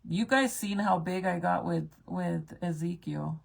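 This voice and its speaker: A woman's voice: on the low side, unhurried, creaky. A young woman chatting casually with viewers as she looks back through old family photos, swearing now and then. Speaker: mom vlogger.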